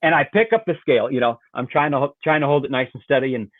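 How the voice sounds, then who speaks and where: Male podcast guest, mid-pitched, rambling storyteller who mimics sounds; tinny, dry phone-like remote line. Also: animated, fast, dry recording. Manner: rambling, fills with "like" and "you know", mimics sounds. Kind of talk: animated storytelling.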